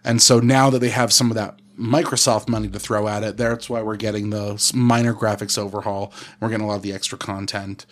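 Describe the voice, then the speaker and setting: A man's voice: fairly low pitch, little pitch movement, fairly quick, few pauses. Male podcast guest, casual and wordy, restarts often. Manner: rambling, with restarts and fancy words. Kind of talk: casual gaming podcast chat.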